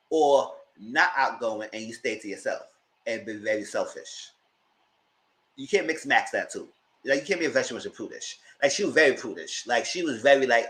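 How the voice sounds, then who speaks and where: A man's voice: medium pitch, expressive, normal speed, a bit bright, rough recording. A man hosting a casual live review of a reality TV show, chatty and emphatic as he talks straight to his viewers.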